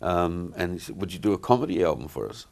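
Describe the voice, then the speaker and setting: A middle-aged man talks in a very low voice. He wanders through his stories, stopping and restarting often with plenty of ums. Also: lively intonation, fast talker, creaky. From New Zealand. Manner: rambling, many fillers and restarts. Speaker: guest entertainer. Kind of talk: casual interview chat.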